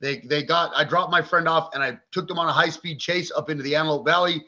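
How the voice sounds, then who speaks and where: A man's voice: on the high side, fairly even intonation, quick pace, sharp tone. A man in his forties, a podcast guest, telling his story in a blunt, profane, vivid way. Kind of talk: candid interview storytelling. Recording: dull lo-fi recording.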